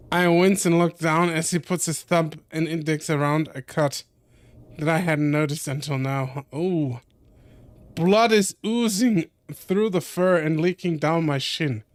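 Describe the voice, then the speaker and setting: Slow, clear-voiced young man reading aloud. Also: fairly high pitch, no room sound. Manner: slow reading with frequent self-corrections. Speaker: streamer. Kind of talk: reading a visual novel aloud with commentary.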